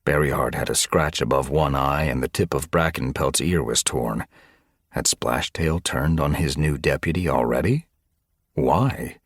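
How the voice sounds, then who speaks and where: A man narrating an animal adventure audiobook in an expressive storytelling manner. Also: a bass voice, unhurried, slightly rough, dry recording, clean studio sound. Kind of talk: scripted narration.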